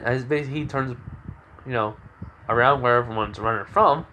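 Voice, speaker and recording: A man's voice: mid-range voice, brisk, pauses often, bright, forceful tone. A young man casually telling a fan story off the cuff, rambling with lots of fillers and self-corrections. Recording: faint background noise.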